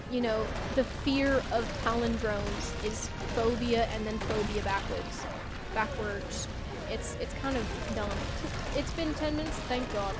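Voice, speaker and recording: A woman game streamer chatting casually on a live stream at home, rambling through opinions and reading chat aloud. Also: a little high. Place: home room.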